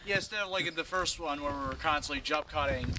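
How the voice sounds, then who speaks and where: A man's voice: a little high, noisy background. A man casually explaining how a scene will be set up outdoors. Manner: brisk, explaining plans. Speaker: director of an amateur film. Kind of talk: casual planning talk.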